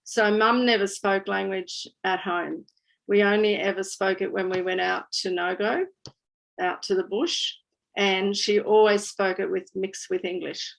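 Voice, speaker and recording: Chatty aussie woman in her 60s, bit of fry in her voice, talking candidly to a crowd. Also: mid-range voice, fairly even intonation, a little slow, rough recording. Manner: candid, chatty, laughs easily. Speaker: guest speaker. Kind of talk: storytelling at a community talk.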